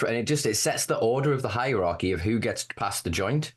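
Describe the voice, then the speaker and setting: A man's voice: lowish voice, fast talker, few pauses, breathy edge. A man with a Northern English accent, talking in a casual podcast chat with passionate, profane ranting. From Northern England. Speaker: podcast correspondent.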